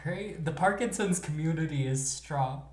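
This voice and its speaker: A woman's voice: sits low, moderate pace, a little mellow, roomy sound. A woman co-hosting a podcast, reacting with crude jokes and plenty of swearing. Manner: crude, joking, swears freely. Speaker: podcast co-host. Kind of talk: casual chat.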